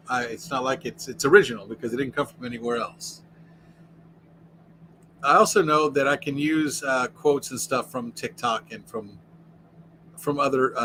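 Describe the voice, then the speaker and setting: A man's voice: medium pitch, bright, forceful tone, slight background noise, poor audio. An American man hosting a casual livestream from inside his RV, rambling and answering the chat as he goes. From United States. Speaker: livestream host.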